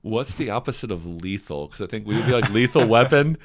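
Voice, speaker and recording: A man's voice: on the low side, animated, a little fast, crowd noise. A man as a podcast guest in casual chat, giving dry, short, wisecracking answers.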